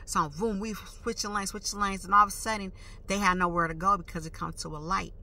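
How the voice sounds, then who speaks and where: A woman vlogger telling a story in a casual, animated way, full of emphatic slang and sound effects like "boom" and "whoop.". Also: a little fast.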